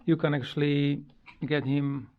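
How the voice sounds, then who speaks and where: A parrot owner at home, talking casually with many fillers and restarts in non-native English grammar, and cooing high at the bird. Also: level tone, a little slow, narrow, tinny audio. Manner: coos in a high sing-song voice when talking to the bird. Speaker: parrot owner showing a homemade bird playground. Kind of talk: casual home video chat.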